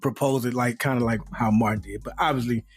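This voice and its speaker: Brief: man, podcast co-host, lively storyteller who acts out voices, mid-pitch, faint music under him. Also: quick pace, slightly rough. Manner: animated storytelling, laughing, acting out friends' voices. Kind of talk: casual chat, storytelling.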